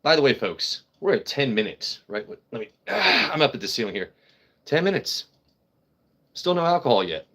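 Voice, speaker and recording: A man with an average-pitched voice hosts a loose livestream and talks straight to his chat. His talk is crude and rambling, full of jokes and casual swearing. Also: big pitch swings, normal speed, creaky, a bit bright. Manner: crude, joking, swears freely. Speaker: livestream host.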